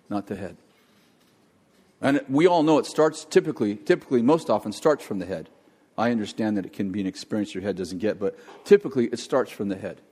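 Man preaching in a reverberant hall. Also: medium pitch. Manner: animated, acts out quoted voices, jokes about accents. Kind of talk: sermon with prayer.

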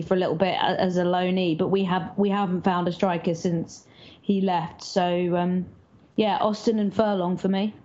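A woman talking football in a thoughtful, measured way over a video call. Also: on the low side, a little mellow. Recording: dull lo-fi call audio, faint noise.

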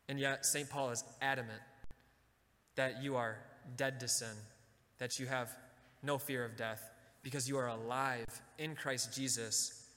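A man giving a Catholic talk, leading the audience to repeat lines after him and slowing down for emphasis. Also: medium pitch, big-room sound. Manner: slows and drops to a soft, quiet voice for emphasis. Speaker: Catholic speaker. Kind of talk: sermon talk with call-and-response.

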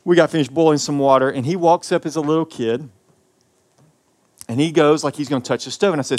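Southern male pastor, impassioned sermon, loud peaks dropping to quiet lines. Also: a little high, steady tone, fairly quick. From American South. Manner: impassioned preaching with big swings in loudness.

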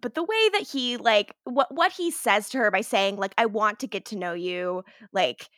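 A woman's voice: mid-range voice, expressive, normal speed, fairly bright tone, no room sound, studio quality. A woman co-hosting a podcast, recapping an episode in casual chat, laughing often and swearing, with lots of fillers. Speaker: podcast co-host.

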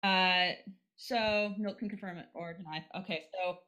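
American woman, podcast co-host, lowish voice, teasing and playful. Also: fairly even intonation, moderate pace, bright, forceful tone. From United States. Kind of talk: casual chat.

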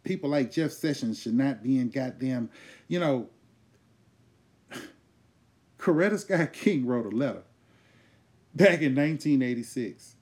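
A man hosting a comedy podcast, ranting loudly and profanely in a casual, riled-up way. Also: mid-range voice, expressive, unhurried, long pauses. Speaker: host.

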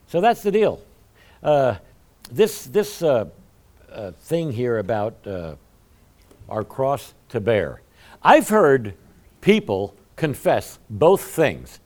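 Animated, humorous male pastor preaching. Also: medium pitch. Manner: animated, humorous, self-deprecating storytelling; talks to the congregation directly. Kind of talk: conversational sermon.

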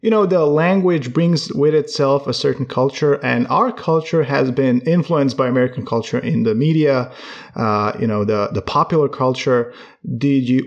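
A man's voice: medium pitch, creaky, dull audio. A man interviewing a guest, encouraging and nodding along with frequent "mm-hmm". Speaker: interviewer, English teacher. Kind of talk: casual interview questions.

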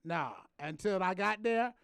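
Man, high-pitched, dry close sound, animated casual storytelling, profane. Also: measured pace, clean tone, no room sound. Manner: animated, profane, acts out quotes. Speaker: podcast co-host.

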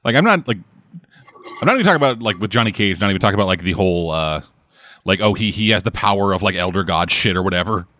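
Man, casual movie commentary, lively up-and-down delivery, dry close sound, salty language. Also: deep voice, no room sound. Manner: swearing, animated, quick asides. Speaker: co-host watching a movie.

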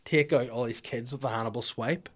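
A man's voice: medium pitch, fairly even intonation, a little fast. A young man hosting a comedy podcast, swearing freely and acting out little scenes as he rants. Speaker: podcast host.

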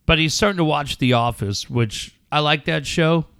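A man's voice: on the high side, moderate pace, gravelly, fairly bright tone, clear, resonant tone, no room sound, clean studio sound. A middle-aged man co-hosting a casual podcast, swearing freely and riffing jokes. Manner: profane, joking, riffing. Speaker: co-host.

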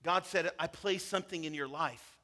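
Male pastor, sermon, high voice, bright tone, animated storytelling. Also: normal speed.

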